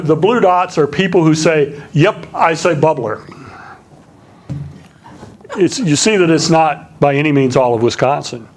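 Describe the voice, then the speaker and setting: A middle-aged man giving a relaxed public lecture, full of ums and questions for the audience. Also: on the high side. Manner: relaxed, many fillers, asks the audience questions.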